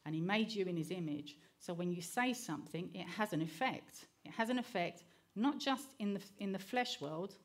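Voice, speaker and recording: A middle-aged woman with a fairly low voice delivers an earnest sermon as a preacher. She weaves personal stories together with scripture and keeps checking in with her listeners by asking "okay?"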